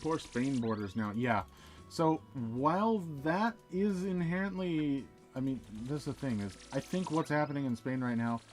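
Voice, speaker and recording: Rambling chatty male streamer. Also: mid-range voice. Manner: rambling, chatty, answers chat messages aloud. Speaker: live streamer. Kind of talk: casual chat while gaming.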